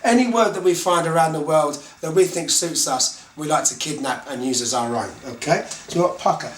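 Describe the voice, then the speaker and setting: A man's voice: on the high side, roomy sound, slight background noise. A man with a Cockney London accent teaching slang in a casual lesson, chatty and often checking in with "okay". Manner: chatty, repeats "okay" often, slow deliberate words. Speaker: English teacher.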